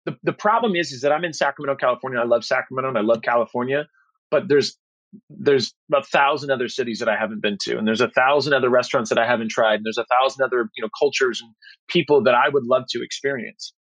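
A man's voice: medium pitch, fast, no echo, low-quality recording. A man chatting as a podcast guest, telling stories in a rambling way with many restarts and fillers. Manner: animated when retelling stories. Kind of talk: casual storytelling chat.

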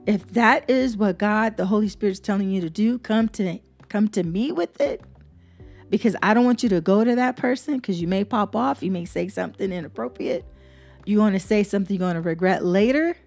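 A woman's voice: medium pitch, a little fast, darkish tone, faint music behind. A woman hosting a devotional podcast, reading Bible verses and preaching in an earnest, repetitive way. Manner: earnest, preacherly, repeats herself for emphasis. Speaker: podcast host.

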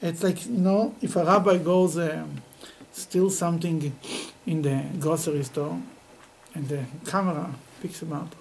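A man teaching a Talmud class to students, telling stories in an animated way and laughing often. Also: a little high, measured pace, gravelly, slight background noise, poor audio. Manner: animated, laughing, Yiddish-sprinkled storytelling.

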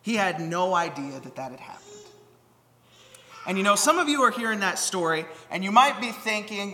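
A man's voice: sits high, very animated, brisk, sharp tone, slight background noise. Young man preaching in a reverberant hall. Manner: earnest storytelling with frequent "uh" fillers. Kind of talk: sermon.

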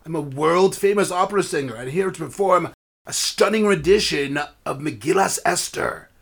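A man's voice: a little high, normal speed, creaky, slightly rough. A man voicing a pompous, self-important adult male opera singer in a storybook tale. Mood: indignant.

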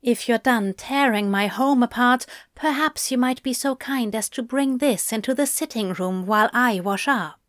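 A woman's voice: a little high, moderate pace, hardly any pauses, no echo, studio quality, lightly acted. A woman reading the lines of a polite, fussy male host in a courteous, prim manner.

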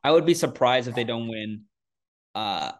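A man riffing loosely on a sports podcast, often circling back and restarting his thoughts and poking fun at himself. His voice has an average, middle pitch for a man. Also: lively intonation, moderate pace. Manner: rambling and self-deprecating, with frequent restarts. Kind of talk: casual sports chat.

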